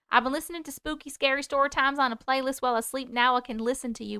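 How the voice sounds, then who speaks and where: A woman's voice: sits high, fast talker, few pauses, fairly bright tone, clean tone, dry recording, studio quality. A woman hosting a live stream, chatting casually and reading viewer comments aloud in a rambling, giggly way. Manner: chatty, rambling, giggly, jumps between topics. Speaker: livestream host.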